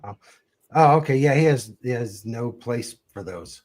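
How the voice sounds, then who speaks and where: A man's voice: medium pitch, animated, normal speed, a little mellow. A man co-hosting a casual podcast chat, easygoing and joking. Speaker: co-host.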